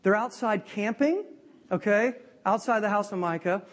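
A man retells a scripture story to a live group in a lively, conversational preaching style. His voice sits high for a man, and he often stops to check that his listeners are following. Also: normal speed. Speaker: preacher teaching a Bible lesson. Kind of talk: animated sermon storytelling.

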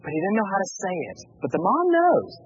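A man preaching a sermon as pastor, earnest and pleading, dropping to a hush at emotional points. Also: sits high, very animated, quick pace, breathy edge, lo-fi sound.

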